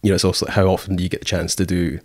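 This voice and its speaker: A man's voice: low voice, level tone, racing, no room sound, studio quality. A Scottish man in casual conversation, rambling with many fillers and acting out quoted thoughts as he tells stories. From Scotland. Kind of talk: casual chat.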